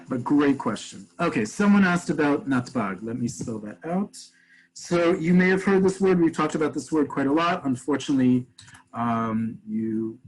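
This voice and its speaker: A man's voice: mid-range voice, breathy edge, low-quality recording. A man teaching a webinar over a video call, explaining things step by step and answering questions from the chat. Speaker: Hebrew teacher.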